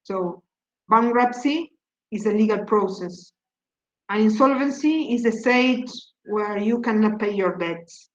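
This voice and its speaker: A woman from Argentina teaching an online English class, explaining vocabulary in a halting way and repeating words as she thinks. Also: medium pitch. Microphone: video call. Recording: echoey, dull call audio.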